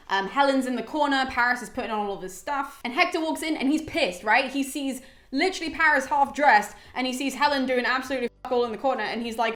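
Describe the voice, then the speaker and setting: A woman's voice: a little high, a bit bright. A young woman hosting a classics channel, summarizing an epic in a chatty, irreverent way with casual swearing. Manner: chatty and irreverent, swears, voices characters in quotes. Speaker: classics video host. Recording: echoey room.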